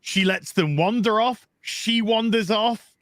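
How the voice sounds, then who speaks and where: A man's voice: high voice, a little slow, a bit bright, no echo. A man in casual chat as a podcast co-host, frank and opinionated, swearing freely. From England.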